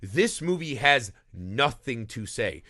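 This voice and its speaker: A man co-hosting a casual movie podcast, ranting in an exasperated, animated way and acting out scenes. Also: medium pitch, takes it slowly, dry recording, clean studio sound. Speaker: podcast host. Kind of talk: casual movie review chat.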